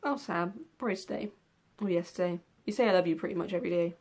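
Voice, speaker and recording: A woman's voice: on the low side, fast talker, a little mellow. A young woman answers tag questions in a casual vlog. She rambles loosely, filling gaps with ums and the occasional yawn. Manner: rambling, with many ums and yawns. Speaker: book vlogger. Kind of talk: casual tag video chat.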